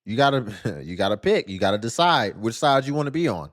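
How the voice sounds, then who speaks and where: A man's voice: medium pitch, very animated, fairly quick, no room sound, clean studio sound. A man giving blunt, mocking reaction commentary on clips.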